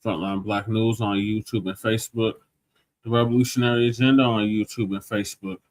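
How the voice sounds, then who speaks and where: A man with a fairly low voice co-hosting a casual talk show. He drops in short, wry quips and reads the closing plugs quickly. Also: fairly even intonation, no echo, low-quality recording. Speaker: co-host. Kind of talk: casual chat and show sign-off.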